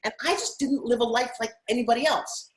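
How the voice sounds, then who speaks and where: A woman's voice: on the high side, fairly quick, rough recording. A middle-aged woman from Long Island talks as a guest in an interview. She tells her story with lots of energy and a gushing, effusive manner. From Long Island, New York. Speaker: guest, TV host and fitness spokesperson. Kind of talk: interview conversation.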